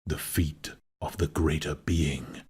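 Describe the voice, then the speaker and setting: A man voicing a mysterious supernatural voice that speaks from above, drawn out very slowly, by turns crying out and whispering. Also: high voice, sing-song, mellow, voice pushed up, heavily acted. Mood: whispered. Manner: slow, swelling then whispering.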